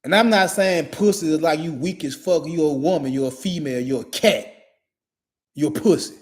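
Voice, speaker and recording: A man's voice: on the high side, moderate pace. A man in his forties delivering a blunt, profane monologue in a repetitive, emphatic way.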